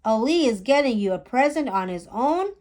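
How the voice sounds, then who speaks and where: A woman's voice: a little high, animated, normal speed, a little mellow, close to an everyday voice. A woman voicing a kindly, lightly teasing mother in a children's picture book read-aloud.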